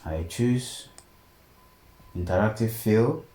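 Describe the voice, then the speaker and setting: A man teaching a design software tutorial step by step and often checking in with "okay?". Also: lowish voice, takes it slowly. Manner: steady step-by-step explaining, frequent "okay?" check-ins. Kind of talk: screen-recorded tutorial narration. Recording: echoey room, faint background noise.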